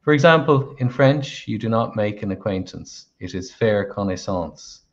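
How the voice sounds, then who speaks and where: Host, male, lowish voice, reads viewer questions steadily; muffled lo-fi call audio. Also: animated. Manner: reads questions aloud at a measured pace.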